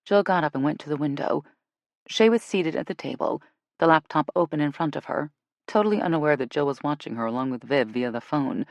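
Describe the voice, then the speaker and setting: A woman narrating a romance audiobook in an expressive reading voice. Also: deep voice, fairly quick, no room sound, clean studio sound. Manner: expressive, switches between characters. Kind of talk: scripted narration.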